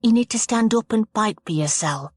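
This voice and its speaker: A woman voicing a bossy middle-aged mother running a children's party, brisk and scolding. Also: medium pitch, expressive, dry recording, clean studio sound, voice pushed up, natural voice. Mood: stern. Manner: brisk, scolding, then stern advice.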